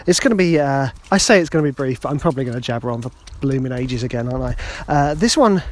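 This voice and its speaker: A man's voice: medium pitch, expressive, quick pace. A man hosting a podcast, telling a story in a rambling, chatty, self-deprecating way. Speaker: podcast host. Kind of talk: casual podcast monologue.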